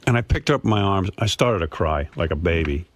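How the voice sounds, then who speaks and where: A man's voice: low voice, animated, quick pace, no room sound. A middle-aged man hosting a radio show, telling a personal story in a rambling, emotional way with many restarts. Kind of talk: casual radio chat.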